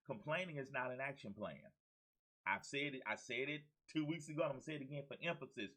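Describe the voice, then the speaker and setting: A man's voice: medium pitch, low-quality recording. A man, hosting his own show as a motivational coach. He talks with exuberant energy, repeats his key phrases and calls out to his listeners like a preacher. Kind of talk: energetic motivational talk to camera.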